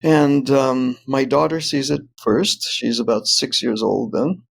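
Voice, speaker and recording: An older man, a guest on an interview show, tells a personal anecdote in an animated way and laughs often as he goes. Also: medium pitch, a little slow, vocal fry. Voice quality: animated, laughs often while telling stories. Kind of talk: anecdotal storytelling.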